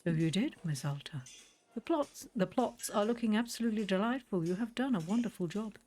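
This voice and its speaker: A woman reading a gentle, formal male tea shop keeper from a video game, in quaintly stilted phrasing. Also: medium pitch, lively intonation, a little fast, lightly acted. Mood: courteous.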